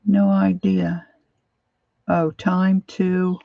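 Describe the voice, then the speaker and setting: Woman crafter, unhurried rambling talk, slightly dull home recording. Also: on the low side, flat delivery, vocal fry. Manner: rambling, talks to herself while rummaging. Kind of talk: casual crafting chat.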